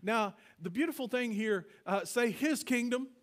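A man with a notably high voice preaches to his church congregation. He talks in an earnest, conversational way, stumbling over repeated words and calling on the people to say phrases back to him. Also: animated. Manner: earnest, halting, leads congregation call-and-response. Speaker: pastor. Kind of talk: conversational sermon. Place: church sanctuary.

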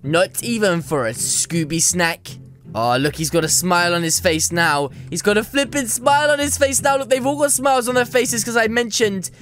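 A man giving jokey, excitable gameplay commentary and teasing other players as he goes. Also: high voice, moderate pace, soft background music. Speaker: gaming YouTuber.

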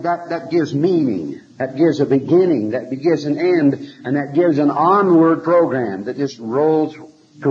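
A man giving a scripture lecture to a class, often checking in with rhetorical questions and pausing to repeat words as he thinks, on an old archival tape. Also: medium pitch, dark tone, highs cut off, slight background noise. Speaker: religious lecturer.

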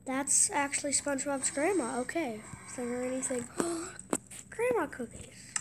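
High-voiced, excitable woman commentating a game. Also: a little slow, background noise. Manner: excitable, gasping, with hushed asides. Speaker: gameplay commentator.

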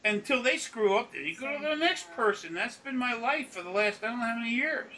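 Rambling folksy man, bright tone. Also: very high voice, expressive, brisk, recorded from a distance, rough recording. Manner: rambling, folksy, acts out quotes in stories. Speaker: spiritual consultant. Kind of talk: casual rambling talk.

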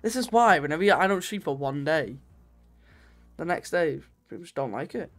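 A man with a Scottish accent hosting game lobbies on a live stream, chatting casually in a laid-back way that trails off quietly. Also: on the high side, lively intonation, normal speed, faint music behind. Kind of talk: casual gaming banter.

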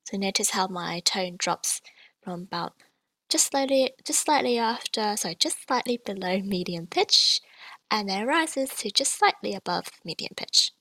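A woman teaching a beginner language lesson, modelling the sounds slowly and carefully. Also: medium pitch, expressive, bright, forceful tone, no room sound, low-quality recording. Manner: clear, careful modelling of tones, slow repetitions.

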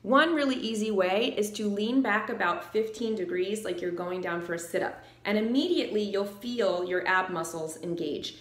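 A woman vocal coach with a low alto voice explaining singing technique and singing short demonstration phrases. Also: normal speed, hardly any pauses, echoey room. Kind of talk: singing tutorial.

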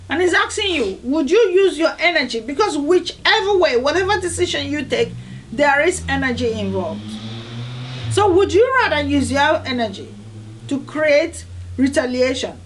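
A woman from Nigeria speaks with a high voice. She hosts a devotional video series in an earnest, emphatic way. She leans on repeated phrases for stress. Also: lively intonation, moderate pace, fairly bright tone, slight background noise, low-quality recording. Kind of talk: motivational devotional talk.

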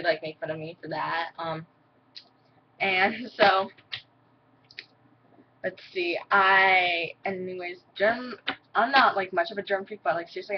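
A teenage girl vlogging casually to camera, rambling with lots of fillers and excitable asides. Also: on the low side. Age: teens. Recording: dull lo-fi webcam audio with faint noise.

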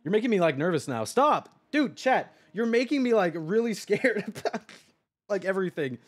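A young man chatting on a live stream, rambling excitedly, swearing and talking to his chat. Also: high-pitched, brisk.

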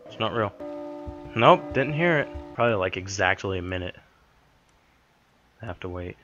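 A man's voice: on the low side, expressive, normal speed, a bit bright, muffled recording, faint music behind. A man giving jumpy, nervous commentary while playing a horror game, talking to himself. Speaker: let's play host.

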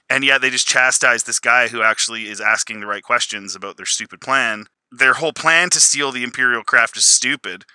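A man in his thirties rants through a casual review, exasperated and sarcastic, often stumbling and restarting mid-sentence. His voice is very bright and sharp, at a middling pitch. The sound is dry and close, with no room around it. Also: dry recording, low-quality recording.

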